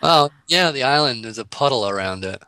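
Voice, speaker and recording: A man's voice: medium pitch, animated, fairly quick, bright, forceful tone, clean tone, dry recording. A man chatting as a guest in a casual, playful conversation, laughing easily and rambling with restarts.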